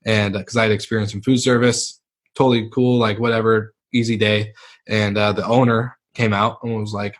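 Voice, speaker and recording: A young man with a fairly low voice tells his story in a laid-back way. He rambles and leans on fillers as he speaks. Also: flat delivery, fairly quick. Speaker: podcast guest. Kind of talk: candid storytelling interview.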